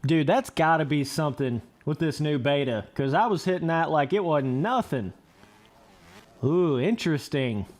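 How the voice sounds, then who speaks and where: A young man giving casual, excitable commentary over motocross gameplay, laughing and trash-talking as he rides. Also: a little high, moderate pace. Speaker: gaming commentator.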